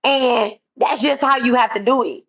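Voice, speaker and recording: Woman, slightly high voice, blunt and confrontational callout vlog, dull lo-fi audio. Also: moderate pace, a bit bright, slightly rough. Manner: blunt, confrontational, repetitive, casual profanity. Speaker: spiritual content creator. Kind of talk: direct-to-camera callout vlog. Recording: dull lo-fi sound.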